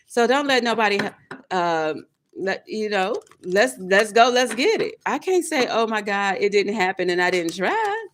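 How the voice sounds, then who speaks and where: A woman's voice: fairly high pitch, a bit bright, slight background noise. Woman tarot reader, preachy affirmations, repeats herself for emphasis. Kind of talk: motivational self-talk monologue.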